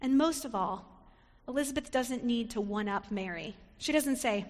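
A woman's voice: on the high side, normal speed. Woman preaching in a reverberant church. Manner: reflective, acts out short quoted lines. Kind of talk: sermon. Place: church sanctuary. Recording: long reverb of a sanctuary.

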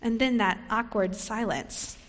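A woman pastor delivering a sermon in a measured, reflective storytelling manner. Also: a little high, big-room sound.

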